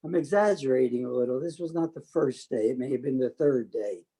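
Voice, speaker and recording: An older man telling stories from his working life, talkative and quick to act out what others said. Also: medium pitch, husky, rough recording. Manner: talkative, animated quoting of others. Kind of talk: storytelling oral history.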